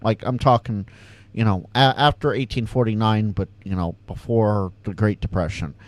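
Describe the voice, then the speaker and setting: A man's voice: lowish voice, steady tone, moderate pace, dry recording. A Californian man with a slight Southern twang, hosting a casual livestream Q&A and chatting to viewers, often stammering and repeating words. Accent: slight Southern American twang. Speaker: ham radio livestream host.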